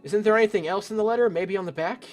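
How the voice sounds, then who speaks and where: A man's voice: sits high, fast talker, soft background music, pitched above the performer's own voice, natural voice. A man voicing a nervous, guarded young woman bartender who stammers when flustered, reading game dialogue aloud. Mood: upset. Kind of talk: let's play voice acting.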